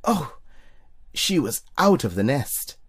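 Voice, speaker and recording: A narrator reading a children's storybook aloud in an expressive way. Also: slow pace. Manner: expressive, puts on high squeaky voices for characters. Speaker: storybook reader for young children.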